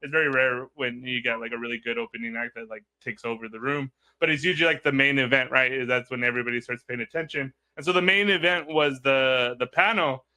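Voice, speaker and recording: A man's voice: mid-range voice, fairly even intonation, fast, few pauses, sharp tone. A man telling a rambling story in casual chat, full of fillers and acted-out quotes. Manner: rambling, many fillers, acts out quoted people. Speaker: podcast host.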